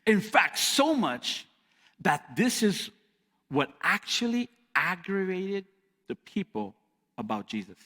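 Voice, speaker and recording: A man preaching a sermon as pastor, animated and repeating lines for emphasis. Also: high voice, slow pace, in a large hall. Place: church hall.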